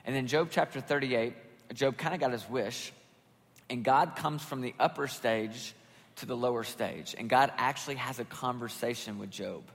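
A middle-aged man preaching a sermon as pastor, in a conversational, animated way, acting out voices when he quotes people. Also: medium pitch, normal speed. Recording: long hall reverb.

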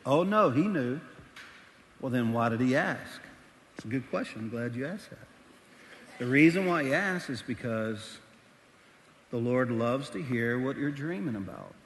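A man preaching a sermon as pastor. He is animated, moving between quiet asides and shouting, in a large church auditorium. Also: mid-range voice, a little slow, long pauses, big-room sound, slight background noise.

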